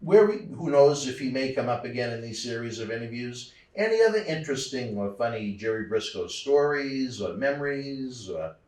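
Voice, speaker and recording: An interview host speaks in a conversational, affirming way and keeps the talk moving with his questions. His voice is at an average male pitch. The recording is roomy, and the mic sounds some distance from him. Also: lively intonation, normal speed, few pauses, darkish tone.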